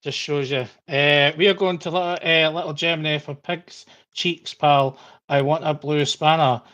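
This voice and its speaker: A man hosts a casual podcast. His voice sits a little high, and he rambles in a friendly way, often breaking into laughter. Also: fairly even intonation, moderate pace, bright, forceful tone. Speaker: podcast host. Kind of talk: casual chat.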